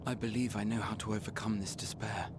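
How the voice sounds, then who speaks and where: An actor voicing an earnest young male hero and loyal friend in a video game, gentle and heartfelt. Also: fairly low pitch, fairly even intonation, fast talker, noisy background, lightly acted. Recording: game audio with loud score.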